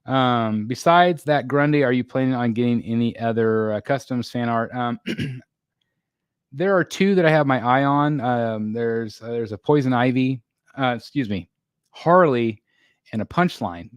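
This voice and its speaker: Sounding tired, a middle-aged man reads viewers' comments on his live stream and wanders off on tangents, using plenty of fillers and clearing his throat now and then. He speaks at an ordinary pitch and a measured pace, and the recording is dry and close.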